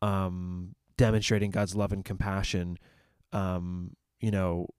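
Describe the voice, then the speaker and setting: A man's voice: low-pitched, little pitch movement, slow pace, a little mellow, clear, resonant tone, dry recording, studio quality. A man who ministers at a church, talking through ideas about the church's purpose in a casual discussion, thinking aloud with fillers and restarts.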